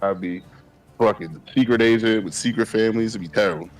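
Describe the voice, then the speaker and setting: A man's voice: on the low side, fairly quick. A man casually telling stories while gaming on a stream, laid-back and profane, laughing often. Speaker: streamer co-host.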